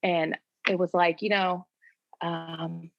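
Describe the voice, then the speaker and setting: A woman's voice: on the low side, slow pace, vocal fry. A woman in her forties from Florida, candidly telling her story in a casual interview and acting out what she and others said. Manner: candid, conversational, quotes herself in lively voices. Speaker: guest. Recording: dull lo-fi sound, dry.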